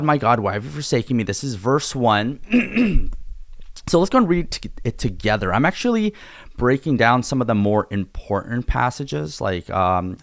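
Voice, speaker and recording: Casual male Bible teacher, slightly low voice, dry close recording, easygoing and chatty. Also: no room sound. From Korea. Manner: laid-back, chatty, conversational teaching. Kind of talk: casual Bible study video.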